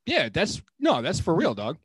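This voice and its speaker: High-pitched dude cohosting a podcast, bouncy voice all over the place, swears a lot, dry close mic. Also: male voice, moderate pace, husky, no room sound, rough recording. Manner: animated, swearing, laughing. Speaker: podcast co-host. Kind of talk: casual chat.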